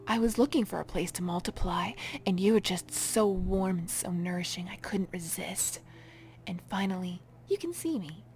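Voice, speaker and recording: Woman doing a soft clingy amoeba man. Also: sing-song, fairly quick, hardly any pauses. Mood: tender. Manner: soft, low and breathy, at times whispered. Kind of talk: game voice reading.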